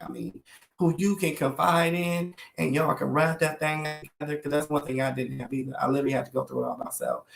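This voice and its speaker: Guy pouring his heart out to camera, gravelly and kinda high, roomy echo. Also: a bit bright. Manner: emotional, preacherly, addresses viewers as y'all. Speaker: vlogger sharing his life story. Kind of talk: heartfelt personal vlog to camera.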